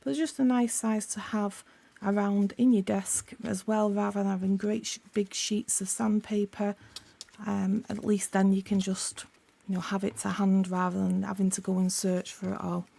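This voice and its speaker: Woman, craft-channel host, croaky with a sore throat, dark and gravelly tone, casual rambling chat. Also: medium pitch, little pitch movement, normal speed. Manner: chatty, rambling, self-correcting.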